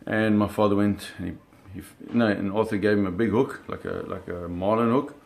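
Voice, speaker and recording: A man telling a personal story in an animated, vivid way, often restarting his phrases. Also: on the low side, a little fast, vocal fry.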